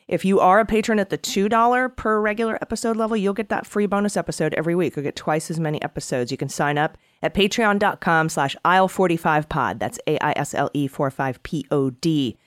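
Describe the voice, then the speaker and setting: A woman's voice: deep voice, a little fast, no echo, clean studio sound. A woman co-hosting a political podcast, chatty and sarcastic, often laughing as she talks. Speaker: podcast co-host. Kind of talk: casual political podcast chat.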